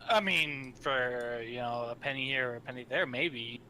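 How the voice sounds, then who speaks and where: Bright-voiced man teasing as player. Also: mid-range voice, moderate pace, slight background noise. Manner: dry, teasing jokes. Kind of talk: tabletop game chat.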